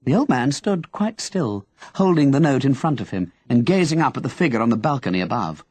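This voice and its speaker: A man narrating an audiobook in an expressive storytelling manner. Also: medium pitch, fairly quick, slightly rough, no room sound. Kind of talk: scripted narration.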